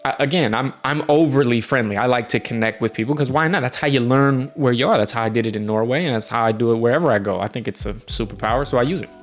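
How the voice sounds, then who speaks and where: This streamer host talks fast in a mid-range voice, hardly pausing. An American living in Norway, he sits indoors telling travel stories casually, rambling amiably with lots of fillers.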